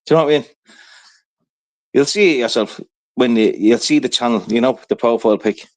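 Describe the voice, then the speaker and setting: A man's voice: medium pitch, brisk. A man telling a rambling, profane story in casual livestream chat, peppering it with "right?".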